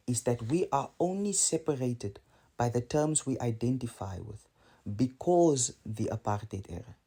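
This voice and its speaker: A man with a South African accent talks straight to his viewers in a casual opinion monologue. His voice is dark and mellow, and he builds his points with rhetorical questions and repeated phrases. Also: medium pitch, breathy edge. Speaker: video commentator.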